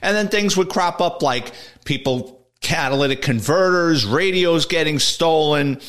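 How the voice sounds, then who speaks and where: A man's voice: on the high side, unhurried, a bit bright. An older man, a retired police detective, telling a work story in a plain, blunt way. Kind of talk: storytelling radio segment.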